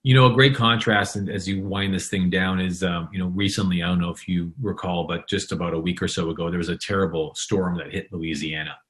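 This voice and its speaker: Low-voiced man hosting a motivational interview. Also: steady tone, a little fast, few pauses, fairly bright tone. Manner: motivational, repeats words while building a point. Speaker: podcast host. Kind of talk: conversational interview.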